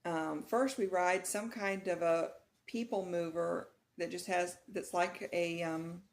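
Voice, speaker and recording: Casual vlogger, middle-aged woman from Texas with a lower voice, lively and laughing while telling a story. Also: slow. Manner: animated, laughing retelling of a nightmare.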